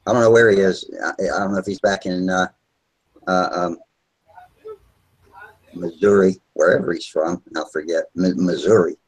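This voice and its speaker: A man hosting a live video hangout from home, talking in a relaxed, rambling way with plenty of filler words over a video call. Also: deep voice, breathy edge, rough recording. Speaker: host of a model airplane video hangout. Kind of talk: casual live chat.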